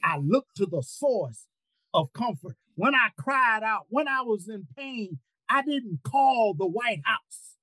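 Animated older man preaching. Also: high voice, takes it slowly, dry recording, poor audio. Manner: repeats words, rises into near-shouts. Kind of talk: sermon over a video call. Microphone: video call.

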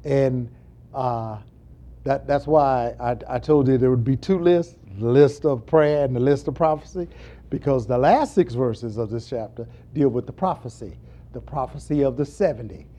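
A man preaching a sermon, moving between quiet asides and impassioned high calls. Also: normal speed.

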